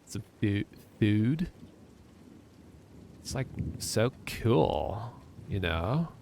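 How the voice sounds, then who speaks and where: A man doing a carefree surfer dude with a low, drawling voice. He stretches each phrase into an airy, exaggerated glide, with faint rain and thunder behind. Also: very animated, very slow, vocal fry, a little mellow, slight background noise, heavily acted. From Minnesota, USA. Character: laid-back male surfer dude from the West Coast.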